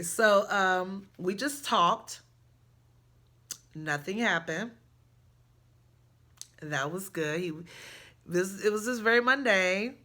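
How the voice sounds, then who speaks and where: A woman telling a personal story in a chatty, animated way, jumping high with excitement in places.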